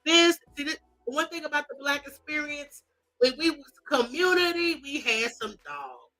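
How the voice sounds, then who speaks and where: A gossip show host whose voice sits high speaks at a moderate pace over soft background music, and the recording is rough. She reads celebrity posts and reacts with animated sass, mock cries and drawling asides.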